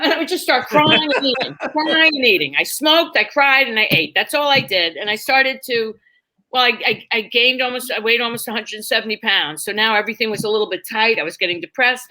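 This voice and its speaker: A woman comedian spins stories from her life with an animated, laughing delivery. She slips into other people's voices as she goes. Her voice is high-pitched and bright. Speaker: comedian guest. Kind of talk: storytelling chat.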